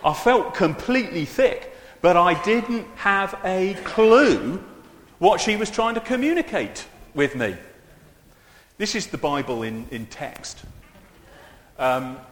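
Chatty preacher in an echoey church hall. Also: male voice, high voice, sing-song, takes it slowly, fairly bright tone. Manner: chatty and self-deprecating, with many asides to the congregation. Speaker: preacher leading a church service. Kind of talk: informal, humorous sermon. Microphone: handheld or stand microphone. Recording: echoey hall with long reverb.

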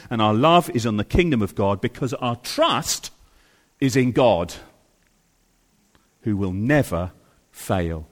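Man preaching a sermon in a reverberant hall. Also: mid-range voice. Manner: emphatic, repeats phrases, swings from soft to loud.

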